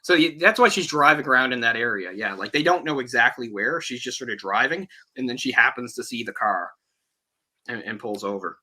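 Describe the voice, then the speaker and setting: Podcast host, male, very bright edgy tone, lively and conversational. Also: mid-range voice, brisk, slightly rough. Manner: animated, acts out quoted lines. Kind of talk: casual film discussion.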